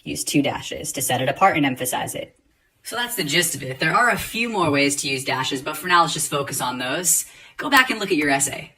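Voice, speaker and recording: A man teaching a writing lesson, explaining grammar and rereading example sentences slowly and deliberately. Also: on the high side, lively intonation, sharp tone, breathy edge, low-quality recording.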